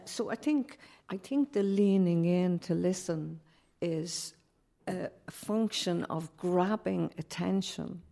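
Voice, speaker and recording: Woman poet on a panel, non-native English, low gravelly dark voice, reflective and unhurried. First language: not English. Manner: thoughtful, measured, musing with fillers.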